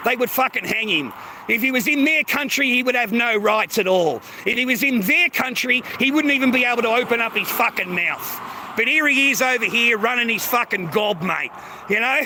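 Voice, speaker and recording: A man's voice: very high voice, noisy background. An Australian man hosting a livestream, delivering an aggressive, taunting rant full of swearing. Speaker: livestream host.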